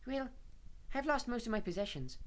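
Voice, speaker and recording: A man's voice: sits high, a little fast, voice pushed up. A man voicing a vague, serene teenage girl in an audiobook reading. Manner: vague, calm, airy. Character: dreamy, serene teenage girl, odd and unbothered. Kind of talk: audiobook character voice.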